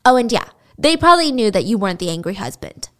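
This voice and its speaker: A woman's voice: mid-range voice, sing-song, quick pace. A woman podcast host telling a story in a chatty, casual way. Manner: chatty, laughs while telling.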